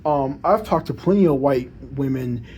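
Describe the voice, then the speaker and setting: A man's voice: medium pitch, lively intonation, moderate pace, darkish tone, a little hiss or hum. A man talking casually to camera in a monologue, with proper, careful diction and frequent restarts and repeated words. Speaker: vlogger.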